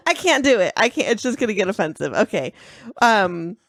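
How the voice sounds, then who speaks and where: A woman co-hosting a podcast in casual chat, telling a story in a giggly, animated way. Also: mid-range voice, brisk, a crowd in the background. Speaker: podcast co-host.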